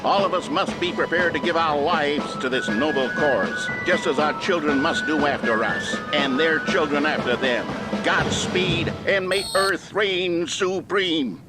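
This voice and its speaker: A man's voice: on the high side, unhurried, hardly any pauses, close to an everyday voice. An actor playing an upbeat, earnest male announcer in an instructional film within a video game. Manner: upbeat, earnest, mock-educational. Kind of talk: scripted narration. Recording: narration over clear music.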